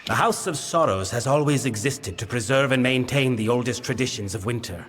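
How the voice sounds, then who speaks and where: A man's voice: medium pitch, animated, fairly quick, fairly bright tone, a little hiss or hum, close to an everyday voice. An actor playing a weary ancient winter fae king in a video game, speaking in a grave, formal, commanding way. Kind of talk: video game character dialogue. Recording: long reverb with game music.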